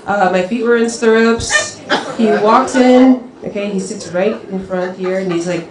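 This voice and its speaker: A woman doing stand-up on a club stage, halting, with many ums between her punchlines. The sound is echoey and roomy, with loud noise behind her. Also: on the high side, very animated. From Philippines heritage, Filipino family. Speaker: stand-up comedian. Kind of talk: stand-up set.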